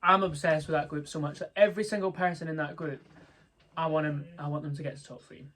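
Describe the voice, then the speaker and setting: A young man hosting a casual review chat, bubbly, quick to laugh and full of fillers. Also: fairly high pitch, fairly even intonation, a bit bright. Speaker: host.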